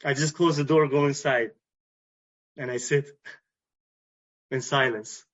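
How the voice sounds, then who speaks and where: A man with a Canadian English accent giving an earnest personal talk at a recovery meeting, repeating phrases and pausing to restart. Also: mid-range voice, steady tone. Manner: earnest, repetitive, with pauses and restarts. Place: meeting hall. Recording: dull lo-fi recording.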